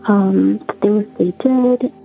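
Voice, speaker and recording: A woman caller telling a personal story in an earnest, halting, repetitive way over the phone. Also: mid-range voice, creaky. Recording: tinny phone line with faint music.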